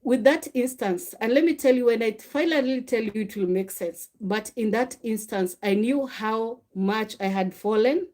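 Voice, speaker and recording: Brief: middle-aged woman, mother sharing faith testimony, animated and confessional. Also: fairly high pitch, normal speed, hardly any pauses. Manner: animated, confessional, acts out quoted dialogue. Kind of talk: personal faith talk, storytelling.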